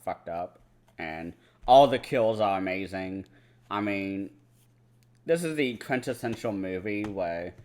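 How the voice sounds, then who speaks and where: Rambling, profane young man, lowish voice. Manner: rambling, profane, lots of "like" and "you know". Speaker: movie marathon vlogger. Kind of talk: casual movie review chat.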